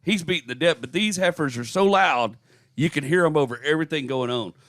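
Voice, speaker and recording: A man's voice: on the high side, a little fast, no room sound, studio quality. A man with a Texan accent, a comedian co-hosting a podcast, telling a stage story with acted-out quotes in casual chat. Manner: animated storyteller, acts out quotes.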